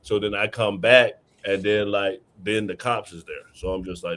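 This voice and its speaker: A man's voice: fairly low pitch, fairly even intonation, normal speed, hardly any pauses, a bit bright. A young man chatting casually, telling a personal story in slangy, loose speech. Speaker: guest telling his story. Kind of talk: casual chat.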